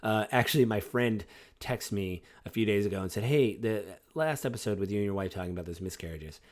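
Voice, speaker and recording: A man's voice: on the low side, fairly quick. A man in his forties hosting a personal podcast, talking in a reflective, rambling way with many fillers. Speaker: podcast host.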